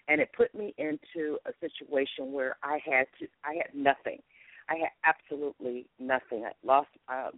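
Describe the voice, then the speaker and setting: A low-sitting female voice with no echo, coming through a tinny phone line. She's a guest author and comedy writer from Los Angeles, USA, talking candidly in a talk-show interview, lively and expressive, laughing often as she gives her testimony.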